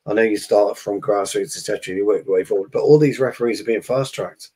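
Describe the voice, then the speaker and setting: A man co-hosting a football podcast, talking thoughtfully with many pauses and fillers. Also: lowish voice, mellow, breathy edge. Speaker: podcast co-host. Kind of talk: casual football podcast chat.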